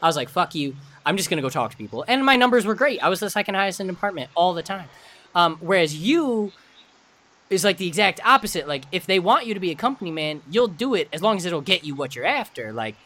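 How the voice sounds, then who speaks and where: A man's voice: high-pitched, big pitch swings, fast talker, pushed and bright. A young man co-hosting a podcast in casual chat, blunt and swearing freely, acting out quoted lines. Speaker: podcast co-host.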